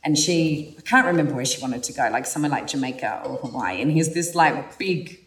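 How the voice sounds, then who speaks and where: A woman's voice: sits low, brisk. Brief: frank woman podcaster, casual storytelling, echoey room, mic set back. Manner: candid, animated, swears freely. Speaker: podcast host. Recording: roomy sound from a distant mic.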